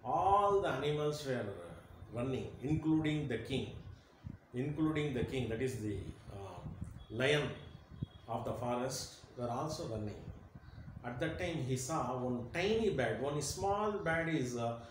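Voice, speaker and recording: A man's voice: mid-range voice, animated, measured pace. A man giving an emphatic lecture, repeating key phrases. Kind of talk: motivational lecture. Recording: very echoey room, faint noise.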